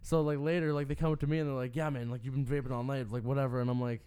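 A young man chatting casually on a podcast in a smooth, clear voice at an even middle pitch. He tells his stories in a laid-back way and swears as he goes. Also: very fast. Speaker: podcast co-host. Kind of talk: casual chat.

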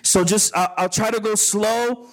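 A man's voice: high-pitched, fairly even intonation, measured pace, poor audio. A man preaching as a pastor at a retreat, often repeating words and asking the crowd to agree with him. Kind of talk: sermon. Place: retreat gathering before a live audience.

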